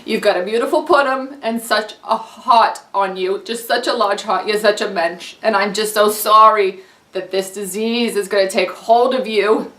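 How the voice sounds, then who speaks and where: A woman voicing a doting Long Island woman who gushes slowly and uses Yiddish words. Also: medium pitch, a bit bright, reverberant, far from the mic, natural voice. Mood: gushing. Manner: drawn-out gushing, Yiddish words. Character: doting Long Island Jewish grandmother type, gushing.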